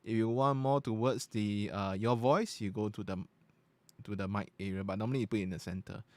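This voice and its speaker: A man with a fairly low voice gives a chatty, informal product review, explaining each feature step by step. He talks into a USB podcast mic from a little way back in a home recording room, and the sound is dry with almost no room echo. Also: steady tone, fairly quick, darkish tone. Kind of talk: casual tech review demonstration. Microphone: studio USB podcast microphone at close to medium distance.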